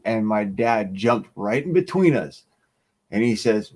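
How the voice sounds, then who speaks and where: Male streamer, mid-pitched voice, profane and animated in his casual storytelling. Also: slow, long pauses. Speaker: stream host.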